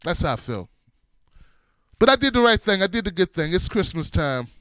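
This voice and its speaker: Middle-aged male host, comic storyteller, high smooth voice, dead-dry room. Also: moderate pace, no room sound. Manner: animated, laughs through his story, shifts between loud and hushed. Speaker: show host.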